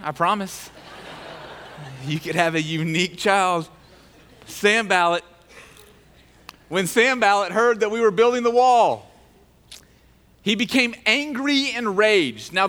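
A man preaching a sermon in a relaxed, joking way, with a voice a bit higher than most men's. He explains the text with light asides. The sound carries the long reverb of a large hall. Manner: casual and joking. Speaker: pastor.

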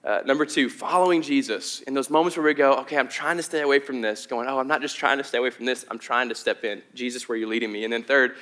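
A man's voice: mid-range voice, quick pace, hardly any pauses, fairly bright tone. A young adult man preaching a sermon as pastor, in a conversational, earnest way with frequent fillers and restarts. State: out of breath.

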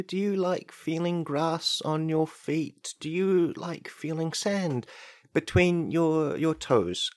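A man voicing a dreamy, barefoot-loving male ad pitchman in a spoof advert, slow and soothing. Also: dry recording, studio quality.

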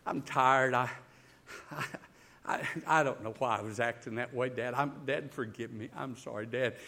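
A man's voice: mid-range voice, creaky, bright, forceful tone. A male pastor briefly voicing a remorseful young man who stammers out an apology to his father within a sermon story. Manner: halting, stammering, contrite.

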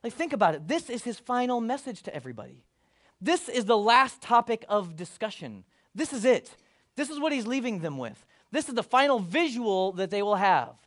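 A man with a high, light voice delivering a sermon with lots of energy. He jokes with the listeners and acts out the people in the story as he goes. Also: moderate pace. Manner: animated, playful asides, acts out voices of the disciples. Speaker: pastor.

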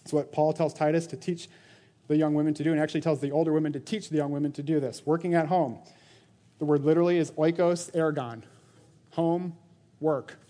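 A man's voice: on the high side, steady tone, a little fast, dark tone. A man in his thirties preaching a sermon, earnest and exhorting, slipping into mocking quoted voices. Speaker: pastor.

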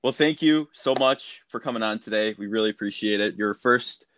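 A man hosting a podcast, chatting in a relaxed, agreeable way with frequent fillers. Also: lowish voice, brisk, slight background noise. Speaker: podcast host. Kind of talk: casual interview chat.

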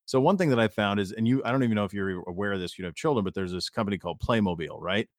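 A man's voice: fairly low pitch, rapid-fire, no echo, studio quality. A man co-hosting a podcast, rambling through stories in casual chat and swearing lightly. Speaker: podcast co-host.

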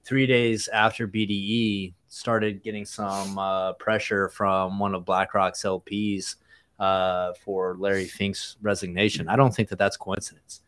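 A man hosting a casual podcast, recapping topics in a steady, wry way. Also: on the low side, a little slow, no echo. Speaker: podcast host. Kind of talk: casual chat.

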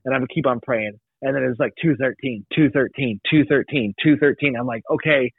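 A young man tells a church story on a podcast, circling back with likes and restarts. His voice sits mid-pitch. The sound is dry and squeezed thin, like a phone line. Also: fairly quick, gravelly, slightly rough, no room sound. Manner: rambling, many restarts and likes. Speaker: podcast guest. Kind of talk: casual testimony.

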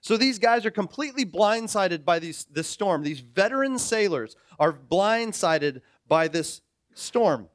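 High-voiced preacher acting out stories. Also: male voice, unhurried, no room sound. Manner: animated storytelling, acts out characters. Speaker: pastor. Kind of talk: sermon.

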